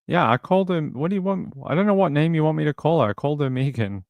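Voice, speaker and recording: A man's voice: on the high side, expressive, quick pace, vocal fry, no room sound, narrow, tinny audio. A man casually commenting on a true crime case during a livestream, reading and answering chat, rambling with lots of fillers. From outside the US. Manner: rambling, many fillers and restarts.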